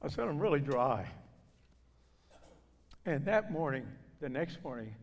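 A man preaching a testimony in a church, slightly higher-pitched than most men. He tells his story with feeling and slips into the voices of the people he quotes. His voice rings with the long reverb of a big hall. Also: very animated, measured pace. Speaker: guest preacher. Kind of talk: sermon testimony.

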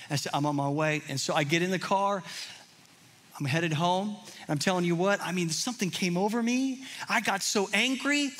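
A man in his thirties preaching a sermon, telling a personal story with earnest feeling and dropping to hushed, intimate tones. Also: high voice, normal speed. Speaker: pastor.

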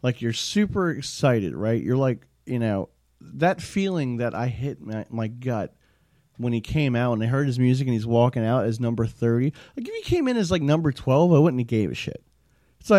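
A man's voice: medium pitch, expressive, fairly quick, warm tone, no room sound, clean studio sound. A young man ranting casually as a show host, rambling, profane and exasperated. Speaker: show host reviewing wrestling. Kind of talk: casual rant.

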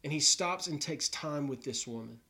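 A man's voice: on the high side, normal speed, pushed and bright. A man preaching an Easter sermon, telling a Gospel story earnestly and voicing the characters' thoughts. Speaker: pastor. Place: New York.

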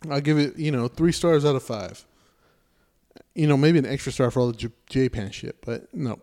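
Podcast co-host, man, mellow and dark-toned, sarcastic and animated storyteller, casual and profane. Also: medium pitch, normal speed. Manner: animated retelling, acts out characters' lines with sarcasm. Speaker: podcast co-host reviewing a movie.

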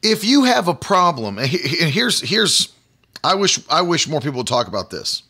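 A man's voice: a little high, very animated, moderate pace, sharp tone, husky. A man preaching a livestreamed sermon, emphatic and repetitive, stopping to talk to his online viewers. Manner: emphatic, repeats phrases, talks to online viewers.

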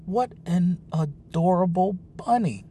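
A man reading the lines of a gentle, polite woman who works at an animal shelter. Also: mid-range voice, animated, normal speed, a little hiss or hum, natural voice.

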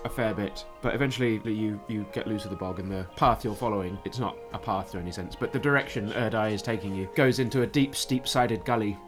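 A man's voice: lowish voice, fast, hardly any pauses. A man narrating a tabletop game as game master, describing scenes with frequent restarts. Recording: background music under the voices.

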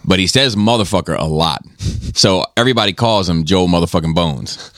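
Low-voiced man telling a rambling story. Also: brisk, no echo, studio quality. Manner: rambling storyteller, swears often. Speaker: podcast host. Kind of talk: casual podcast chat.

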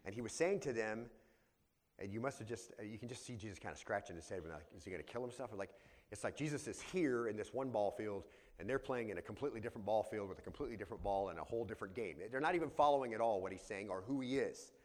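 A man's voice: fairly low pitch, fast, big-room sound. A man preaching a verse-by-verse sermon as pastor, explaining the original Greek words as he teaches. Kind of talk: expository sermon. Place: church sanctuary.

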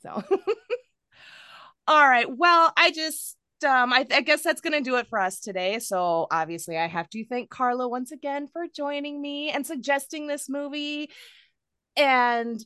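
A woman's voice: high-pitched, a little slow, pushed and bright, dry recording. A woman in her thirties hosts a podcast in a loose, chatty way, laughing easily and swearing casually. Her voice sits in the middle of the range and is recorded close and dry, with no room sound. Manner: chatty, laughs often, candid and profane. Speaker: podcast host. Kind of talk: casual chat.

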